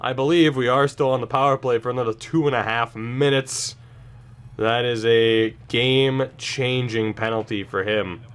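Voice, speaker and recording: A man giving casual commentary over his own video game match, tired and sarcastic, breaking into sudden excited outbursts. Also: mid-range voice, normal speed, a little hiss or hum. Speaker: gaming YouTuber.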